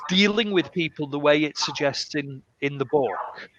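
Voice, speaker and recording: A man tells classroom stories in a relaxed, chatty way, slipping into voices as he quotes people. His voice sits a little high, and the recording is muffled and lo-fi, with a faint hiss behind it. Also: moderate pace. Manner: animated, acts out quotes with shifting voices. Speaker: English teacher. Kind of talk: casual storytelling conversation. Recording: muffled lo-fi sound with faint noise.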